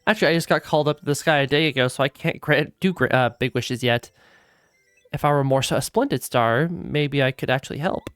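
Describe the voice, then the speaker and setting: A woman voicing an eager young male star spirit in a video game, hurried and polite. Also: extremely low pitch, clean tone, dry recording, faint music behind.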